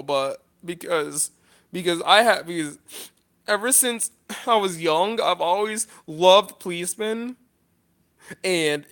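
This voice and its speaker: A man talking off the cuff in a list vlog, halting and earnest, pausing often and restarting his sentences with frequent apologies. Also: high voice, fairly bright tone. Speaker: vlogger.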